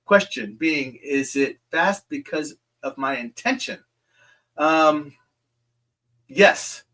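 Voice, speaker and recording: A man hosting a live viewer Q&A, his voice sitting a bit higher than most men's. He talks in a loose, rambling way, pausing on "um" a lot while reassuring each person directly. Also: lively intonation, pushed and bright, slight background noise. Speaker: host answering viewer questions. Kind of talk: live Q&A stream.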